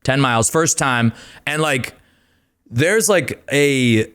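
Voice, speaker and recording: Casting: young adult male guest, casual and rambling, mid-pitched, loose storyteller. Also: slow pace, fairly bright tone, smooth. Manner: rambling storyteller, many fillers, swearing. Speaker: podcast guest. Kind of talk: casual chat.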